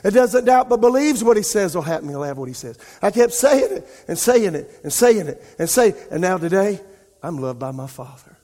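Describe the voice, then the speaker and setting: A male pastor preaching an impassioned sermon, his voice rising and falling in loudness. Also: high-pitched, very animated, moderate pace. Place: church sanctuary. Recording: long reverb of a large church hall.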